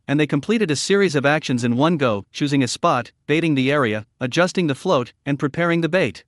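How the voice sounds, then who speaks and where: Male narrator for a story recap, animated and a bit high, dry voice-over. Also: no room sound.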